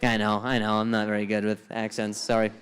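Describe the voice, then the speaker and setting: A man's voice: fairly low pitch, completely flat delivery, brisk, a bit bright, a little hiss or hum, poor audio. Stammering male comic riffing on stage. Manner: riffing, playful, mock-exasperated, stammering restarts. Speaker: stand-up comedian. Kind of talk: live stand-up crowd work. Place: comedy club stage with live audience.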